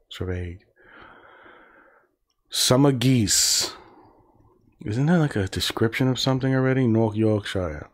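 A man hosting a casual livestream, reading words aloud and reacting with profane, sarcastic, muttered asides. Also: medium pitch. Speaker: livestream host.

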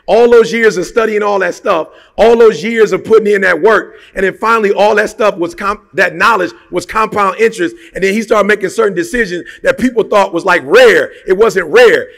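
A man's voice: sits high, fairly quick, creaky, hardly any pauses, a bit bright, big-room sound. A man giving a motivational talk, emphatic and colloquial, firing off rhetorical questions. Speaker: motivational speaker.

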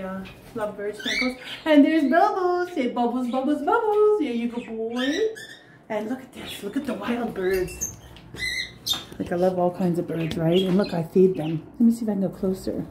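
A woman vlogging at home with her pets, chattering in sing-song baby talk and cheering them on with excited calls. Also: mid-range voice, moderate pace, background noise. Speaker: pet vlogger. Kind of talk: casual home vlog. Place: home with pets, partly outdoors in snow.

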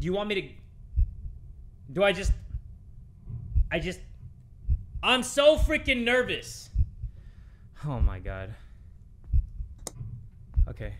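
A young gaming YouTuber commentates a horror game from home, talking to his viewers as he plays. His voice is fairly high and darkish, very animated yet a little slow, with long pauses. He's jumpy, swears a lot, and shrieks when startled.

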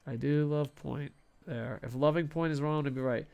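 A man casually commenting over a hockey video game, excitable, swearing often and talking to himself. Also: on the high side, normal speed, gravelly. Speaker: gaming streamer.

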